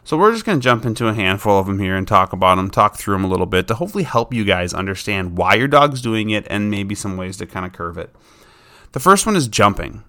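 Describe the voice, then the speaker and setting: A man's voice: lowish voice, very animated, fast, bright, forceful tone. Plain-spoken man explaining dog training. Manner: informal, plain-spoken, acts out what a dog thinks. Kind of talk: casual instructional talk.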